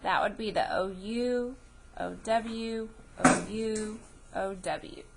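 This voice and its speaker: Slow, patient woman teacher. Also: medium pitch, very noisy. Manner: patient, slow, repeats each word and sound clearly. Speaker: elementary school teacher. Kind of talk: classroom spelling lesson. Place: classroom.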